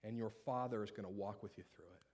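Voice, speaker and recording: A male pastor delivering a sermon in an animated, humorous, conversational way. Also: fairly low pitch, quick pace.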